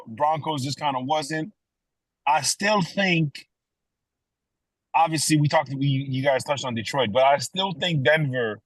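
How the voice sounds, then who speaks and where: A man's voice: medium pitch, fairly bright tone, dry recording, poor audio. A man co-hosting a casual sports podcast, talking emphatically and playfully, repeating words for effect. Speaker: podcast co-host.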